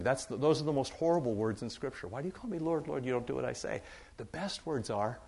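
A man's voice: medium pitch, expressive, fast, gravelly, darkish tone, husky. A man preaching to his congregation in a loose, conversational way, often repeating phrases for emphasis. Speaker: pastor. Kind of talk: sermon.

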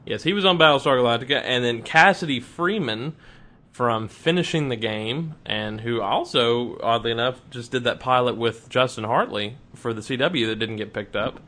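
A man's voice: mid-range voice, normal speed, pushed and bright. A man co-hosting a casual fan podcast, talking in a chatty, rambling way with frequent restarts. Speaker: podcast co-host.

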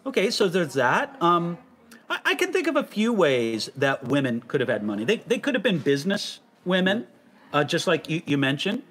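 A man with a fairly high voice and a very lively, swooping pitch hosts a relaxed conversation. He reads questions aloud and pushes his co-host with playful, curious follow-ups. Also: normal speed. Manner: animated, inquisitive, teasing. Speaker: host reading listener questions. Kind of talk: casual conversation.

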